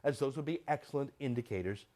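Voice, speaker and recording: A man's voice: medium pitch, expressive, fast talker, warm tone, lightly acted. A man reading a letter aloud in a put-on British accent, mocking the sound of a stuffy British official. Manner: exaggerated mocking read.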